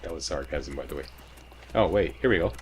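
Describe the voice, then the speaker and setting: A man's voice: rumbling low, animated, fairly quick. A man hosting a video game walkthrough, chatty and joking as he explains each step. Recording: faint ambient noise, sirens nearby.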